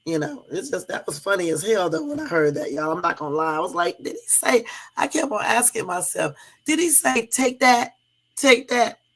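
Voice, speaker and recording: A woman's voice: fairly low pitch, very animated, fairly quick, breathy edge. A woman hosting her own livestream, talking casually and chattily to her viewers and laughing easily. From Southern California. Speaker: livestream host.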